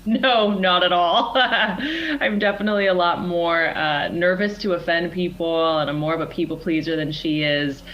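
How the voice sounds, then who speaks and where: A woman's voice: fairly low pitch, moderate pace, dull audio. A young adult woman, an actress being interviewed, answering in a thoughtful, earnest way and laughing easily. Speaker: actress guest. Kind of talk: interview conversation.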